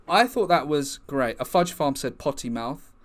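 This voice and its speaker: A man's voice: fairly high pitch, normal speed, slight background noise. Young male comic host, mock-serious rambler. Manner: mock-earnest, rambling deadpan bits. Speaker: comedy livestream host. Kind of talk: improvised comedy chat.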